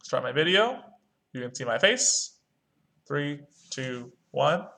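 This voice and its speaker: 中音男老师，声音略带沙哑. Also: male voice, a little high, sing-song, takes it slowly, vocal fry, sharp tone. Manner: talks through clicks step by step, chants rhythm syllables. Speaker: music teacher. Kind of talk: screen-recorded online lesson.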